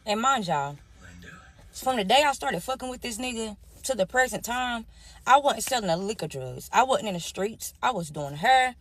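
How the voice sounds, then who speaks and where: A woman's voice: on the high side, animated, moderate pace. Candid woman telling her story. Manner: candid, addresses listeners as y'all. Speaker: storyteller sharing her life. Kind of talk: emotional personal storytime.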